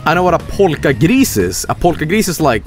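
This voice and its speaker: Guy ranting at a game on stream, voice swings all over, loud music behind. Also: fairly high pitch, sing-song, a little fast. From Sweden. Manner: mock-outraged, swearing.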